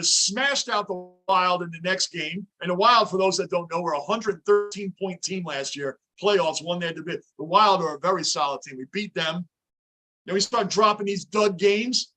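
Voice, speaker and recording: Male stream host, high pitch, sharp tone, intense fan ranting live from a home basement. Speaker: livestream host. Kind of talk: live sports reaction commentary.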